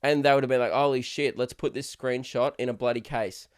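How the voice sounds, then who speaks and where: A man's voice: mid-range voice, fairly even intonation, fairly quick. A young Australian man hosting his own podcast, ranting in a sarcastic, swearing, casual way. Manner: swearing, sarcastic, shouts for effect. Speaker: podcast host and comedian. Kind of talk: casual solo podcast rant.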